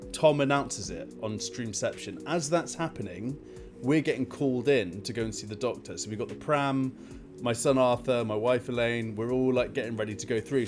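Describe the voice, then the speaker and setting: A man hosting a casual live stream, telling an exasperated, animated story and rambling with many fillers. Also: medium pitch.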